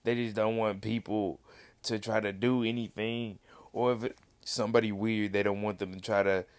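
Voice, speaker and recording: A man's voice: fairly low pitch, little pitch movement, normal speed, no room sound. A young man with hiccups, rambling loosely through casual reaction commentary on his vlog. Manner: rambling, loose, self-interrupting. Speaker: reaction vlogger.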